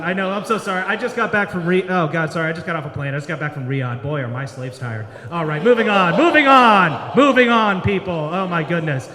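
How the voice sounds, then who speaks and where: A man doing a rambling, self-deprecating stand-up set at an open mic, now and then breaking into shouty bits. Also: a little high. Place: brewery bar with live audience. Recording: roomy bar with long reverb.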